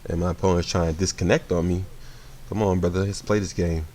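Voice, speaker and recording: A young man with a low voice talks quickly through casual commentary on the card game he's playing, with a slight hiss or hum in the recording. He sounds sleepy and relaxed, yawning, rambling and often correcting himself.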